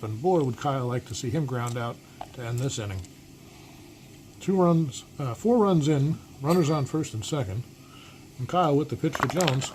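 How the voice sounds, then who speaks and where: A man in the announcer's chair for a tabletop baseball replay, calling each pitch like a radio broadcaster. His voice sits in a middle range and he breaks off now and then to check the dice. Air conditioning hums steadily behind him. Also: a little mellow, low-quality recording. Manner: broadcaster-style calls mixed with asides about dice rolls. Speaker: replay host and play-by-play announcer. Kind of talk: mock radio play-by-play of a tabletop baseball game. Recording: air-conditioning hum in the background.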